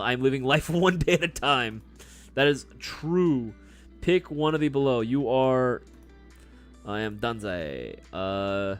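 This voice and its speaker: Young man, livestream host, loose and swearing, pitch jumping all over, faint music underneath. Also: fairly bright tone. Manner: laid-back, swears freely, laughs often, says bro. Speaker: livestream host answering chat. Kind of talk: casual livestream chat.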